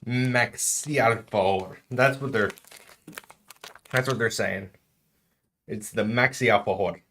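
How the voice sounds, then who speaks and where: Laid-back low-voiced male streamer. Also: takes it slowly. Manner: relaxed, chatty, drops in Spanish words. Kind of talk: casual live-stream food tasting.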